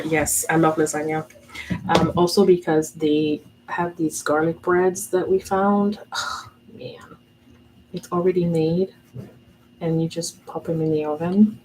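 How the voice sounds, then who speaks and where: An art vlogger in her thirties chats casually while drawing and painting, musing aloud, talking herself through each step and laughing often. Her voice sits low with a darkish tone and fairly even intonation, and she speaks a little slowly. The audio is poor, with some hiss or hum.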